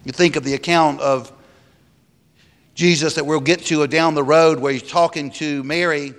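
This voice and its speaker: Pastor guy preaching, lots of rhetorical questions, slightly high voice, church echo. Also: steady tone, normal speed. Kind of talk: sermon. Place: church sanctuary. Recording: long hall reverb.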